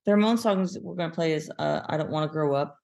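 A woman's voice: low-pitched, fast, gravelly, darkish tone. A woman musician guest on a podcast, chatting casually and laughing often. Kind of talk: casual chat.

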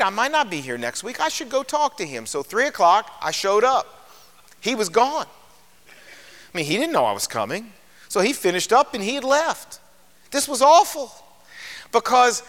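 An older male preacher tells his own story in a sermon with a high, bright voice that swoops through a wide range. He acts out the lines of each person in the story. A long hall reverb hangs behind his words. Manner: animated storyteller, acts out dialogue. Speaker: radio preacher.

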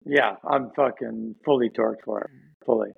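A man's voice: on the low side, moderate pace, gravelly, slightly rough, phone-quality sound. A young man on a casual podcast who teases his co-host in a wry, dry way. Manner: wry and teasing. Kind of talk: casual chat.

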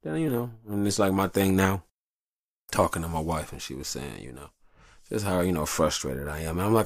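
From a hot upstairs room, a show host with a low voice rambles through a profane, confessional monologue at a slightly quick pace. He spins animated stories, and the studio-quality recording carries no room sound.

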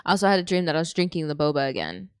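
A woman's voice: sits low, very animated, very fast, clean tone, no room sound, studio quality. A young woman from San Antonio co-hosting a podcast, chatting in a giggly, rambling way. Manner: giggly, rambling casual talk. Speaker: podcast co-host. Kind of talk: casual chat.

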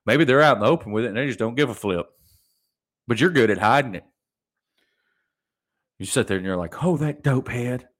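A man's voice: on the low side, fairly quick, pauses often, fairly bright tone. A young adult man hosting a solo podcast, ranting animatedly and mocking people in put-on voices. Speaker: podcast host.

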